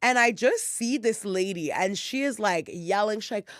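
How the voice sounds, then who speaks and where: Podcast lady rambling thru a story, like whatever, swearing lots, mid pitch, dry close sound. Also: animated, moderate pace, no room sound. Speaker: podcast co-host. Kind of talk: casual chat.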